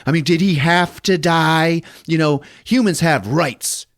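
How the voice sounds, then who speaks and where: A man voicing a pushy male news reporter, asking questions in a high, prissy tone. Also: a little slow, no room sound, studio quality, lightly acted.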